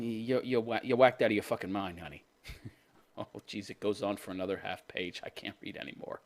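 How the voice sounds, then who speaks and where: Speaking quickly in a mid-range, sing-song voice with a bit of brightness, a fifties-aged man hosting a commentary channel reads out a news piece. He ridicules it with crude sarcasm and laughs at his own jokes.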